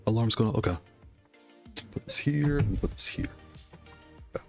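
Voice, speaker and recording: Guy from the northeast chatting on stream, lowish voice, gets hyped, faint music under it. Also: moderate pace, vocal fry, pauses often. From Northeast United States. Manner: excitable, thinks aloud, reads chat. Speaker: streamer reviewing game controllers. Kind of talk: casual live-stream chat.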